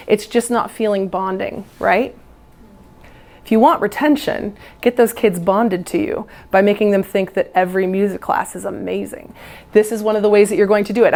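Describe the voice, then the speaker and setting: A woman, a music teacher, giving a lively storytelling lesson to other teachers and acting out how children react. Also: mid-range voice. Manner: animated, playful, acts out children's reactions.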